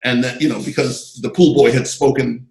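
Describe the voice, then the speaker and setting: A man being interviewed about his screenwriting career, telling animated, digressive stories full of asides over a video call. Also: mid-range voice, moderate pace, roomy sound, rough recording. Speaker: interview guest, screenwriter and comic artist. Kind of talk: casual anecdotal storytelling.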